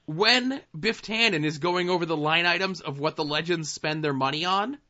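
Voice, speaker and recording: Bright-voiced man recapping TV shows. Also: a little high, normal speed, dull audio. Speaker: podcast co-host. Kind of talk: casual TV recap chat.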